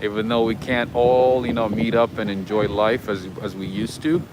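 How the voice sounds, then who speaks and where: On a night-time old-town street, a male livestream host with a lowish, steady voice talks at normal speed as he runs a casual walking tour and answers viewer comments. Background noise comes through, including jazz playing nearby.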